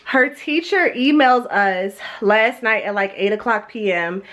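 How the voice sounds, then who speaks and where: Congested young mom vlogging at home. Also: female voice, mid-range voice, measured pace, fairly bright tone, slight background noise. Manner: chatty, rambling, many fillers. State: congested, stuffy-nosed. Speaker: vlogger and mother. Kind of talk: casual home vlog chat. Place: at home, indoors.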